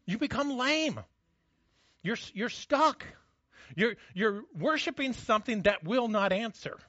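Male pastor, conversational sermon with self-mocking humor, bright forceful tone. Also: high voice, no room sound, lo-fi sound.

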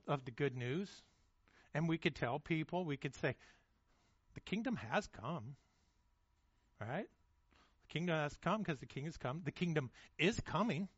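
A man's voice: a little high, a bit bright, no room sound, highs cut off. A man preaching a sermon in a casual, conversational way, often repeating words as he restarts and checking in with "okay?" and "right?". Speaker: pastor.

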